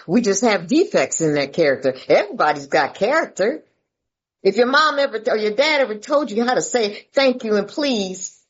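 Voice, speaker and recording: Folksy woman speaker on a dull call. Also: medium pitch. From Atlanta, US. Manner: folksy, emphatic, calls listeners "baby". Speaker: recovery meeting speaker. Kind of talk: sharing a recovery story.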